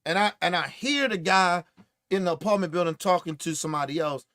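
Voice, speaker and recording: A man hosting a podcast, telling stories in casual, profane, animated commentary and acting out what others said. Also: high-pitched, a little fast, no echo, clean studio sound. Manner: profane, animated storytelling with acted-out quotes. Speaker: podcast host.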